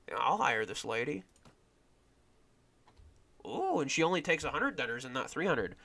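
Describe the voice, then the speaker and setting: A man's voice: mid-range voice, big pitch swings, moderate pace, pauses often, sharp tone. A man streaming a game in casual commentary, thinking aloud and often trailing off and restarting.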